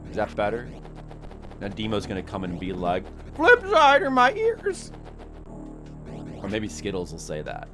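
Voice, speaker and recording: A man's voice: sits low, a little fast, over music. A man streaming a game, rambling and self-deprecating as he chats with his viewers. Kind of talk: casual live-stream chat.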